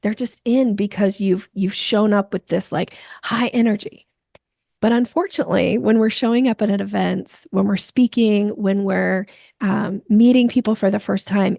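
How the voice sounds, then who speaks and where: A woman guest on a podcast, a sales coach explaining her ideas in lively conversation with playful examples. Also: mid-range voice, vocal fry, no room sound, clean studio sound.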